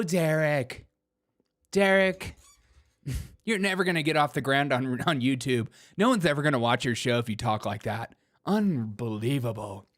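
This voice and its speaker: A man's voice: medium pitch, fairly bright tone, no echo, studio quality. A man hosting a comedic political commentary show who laughs often and mocks freely while reading out chat comments. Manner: laughs often, mocking and irreverent; reads chat comments aloud. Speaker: show host.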